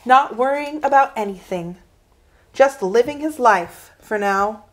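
A woman voicing a gentle, loving mother who speaks softly and soothingly. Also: fairly high pitch, animated, unhurried, voice pushed up. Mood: tender. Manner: soft, soothing, comforting.

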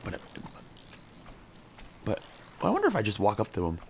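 A man's voice: on the low side, wildly swooping pitch, normal speed, gravelly, darkish tone, a little hiss or hum. A man playing a survival game and chatting through it, talking to his character and cheering on each catch. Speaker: gameplay streamer. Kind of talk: casual let's-play commentary.

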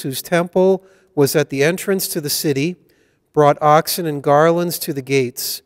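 Slow, measured priest in a church. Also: male voice, on the high side. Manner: slow, measured liturgical delivery. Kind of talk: leading Mass and reading scripture. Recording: church hall reverb.

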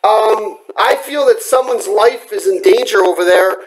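Angry home vlogger, male, very high pitched, cracking voice, profane threatening rant. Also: measured pace, low-quality recording. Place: home at night.

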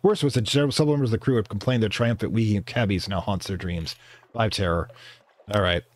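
Fast-talking man reading game text. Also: lowish voice, dry recording. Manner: reads game text aloud, stumbles and corrects himself. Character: shy albino rat tinker, male. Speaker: let's play host. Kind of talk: reading game text aloud with casual commentary.

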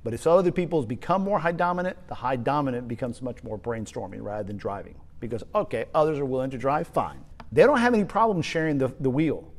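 A man giving a spoken leadership lesson, energetic and emphatic, often repeating his key points. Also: mid-range voice, quick pace, hardly any pauses. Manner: energetic, emphatic, uses repetition. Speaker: leadership trainer.

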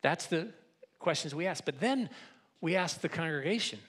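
A pastor delivers a sermon to his congregation in a church, his voice placed somewhat high for a man. He talks in a relaxed, conversational way, often doubling back on a word before finishing the thought. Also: normal speed, slightly rough. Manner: conversational, repeats words while restarting, teasing the congregation. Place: church sanctuary.

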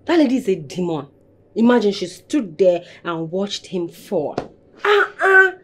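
A young Nigerian maid. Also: female voice, on the low side, expressive, moderate pace, mellow, breathy edge. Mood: outraged. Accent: Nigerian English. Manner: grumbling, indignant. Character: young woman, a hardworking, put-upon maid. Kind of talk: Nigerian movie acting.

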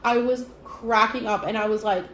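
A young woman telling a story in a casual vlog, rambling and animated with lots of fillers. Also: a little high, normal speed, slight background noise. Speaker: vlogger. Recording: echoey room with faint ambience.

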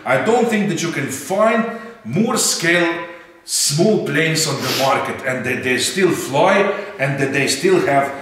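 A man's voice: fairly high pitch, animated, slow pace, fairly bright tone, distant mic, a little hiss or hum. Chatty man. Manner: chatty, rambling, repeats "eh?". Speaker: RC hobby channel host. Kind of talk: casual unboxing chat. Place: indoor hangar room. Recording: echoey room, mic set back.

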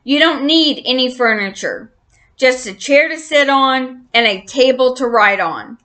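A woman's voice: high-pitched, animated, a little slow, a bit bright. A woman voicing a stingy, bossy old male mouse grandfather who blusters and commands in a storybook reading.

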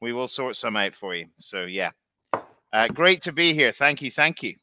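A man's voice: medium pitch, big pitch swings, normal speed, pushed and bright, a little hiss or hum. A man joining a podcast as a guest, friendly and self-mocking in casual chat. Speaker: guest, brand advocate.

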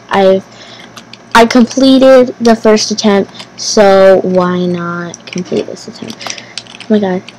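Woman, gaming commentary, anxious self-talk, repeats herself, excited outbursts, mid-range voice. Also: medium pitch, a little hiss or hum, rough recording. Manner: excitable exclamations. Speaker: gaming channel host. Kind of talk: casual gameplay commentary.

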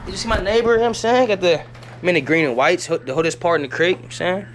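A man's voice: high voice, quick pace, background noise. A young man giving a rambling, hyper home tour on a handheld camera, talking in slangy, profane bursts indoors at home.

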